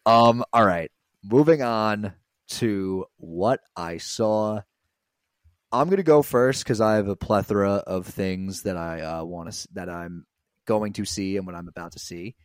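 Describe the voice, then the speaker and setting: A man's voice: on the low side, measured pace, dry recording, studio quality. A young man co-hosting a casual sports podcast, rambling with lots of filler words. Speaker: podcast co-host.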